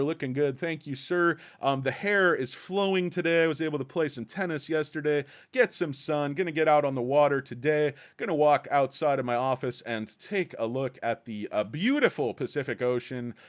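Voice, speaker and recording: A man's voice: on the high side, smooth. Male stream host, casual and rambling, crude irreverent jokes between stock updates. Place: his office.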